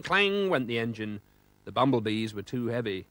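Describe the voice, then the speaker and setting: Animated British storyteller man. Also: mid-range voice, moderate pace, no room sound. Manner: expressive, sound-effect-rich reading. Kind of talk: children's storybook narration.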